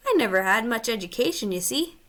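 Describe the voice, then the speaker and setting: A woman's voice: a little high, animated, quick pace, a bit bright. A woman voicing a humble, plain-spoken male London cab driver with a Cockney accent, talking in a deferential, folksy, hesitant way. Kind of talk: audiobook reading.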